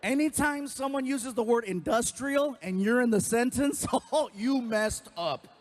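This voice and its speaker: A man doing stand-up storytelling on a comedy stage with a handheld mic, animated and exaggerated. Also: very high voice, measured pace, slight background noise. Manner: animated, exaggerated, big vocal swings. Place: comedy stage before a crowd.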